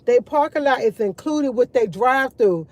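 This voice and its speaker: Woman with a warm, mellow voice chatting. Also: a little high, lively intonation, normal speed, dry recording. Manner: rambling, repeats herself, addresses viewers as y'all. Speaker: vlogger. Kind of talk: casual morning chat to viewers.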